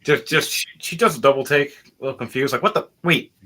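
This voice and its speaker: A man's voice: medium pitch, quick pace, pushed and bright. A man narrating as game master in a casual, chatty way, laughing often.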